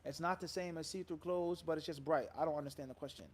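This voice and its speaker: High-voiced emphatic male Muslim scholar. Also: steady tone, quick pace, a little hiss or hum. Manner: emphatic, rhetorical questions, Arabic phrases. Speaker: Muslim scholar answering questions. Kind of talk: live Q&A sermon.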